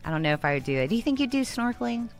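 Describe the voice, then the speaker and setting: Animated chatty woman co-host. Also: on the high side, racing, faint music behind. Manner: chatty, laughs often, rambling storyteller. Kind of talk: casual chat.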